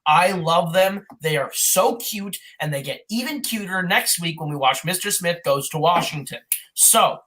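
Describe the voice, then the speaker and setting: A podcast co-host recapping an old film in a rambling, profane, excitable way, sometimes doing quick mock voices. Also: mid-range voice. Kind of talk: casual comedic chat.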